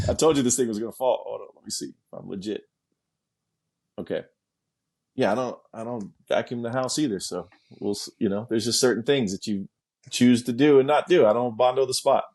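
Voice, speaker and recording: A man's voice: mid-range voice, expressive, moderate pace, a little mellow, husky. A middle-aged man telling stories as an interview guest, laid-back and profane, with laughing asides. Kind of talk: casual storytelling.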